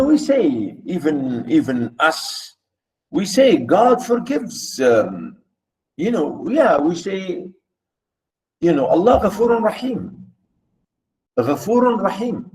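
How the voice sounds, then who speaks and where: A man giving a literature lecture, explaining slowly and emphatically with many repetitions. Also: fairly high pitch, darkish tone, poor audio. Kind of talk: recorded lecture.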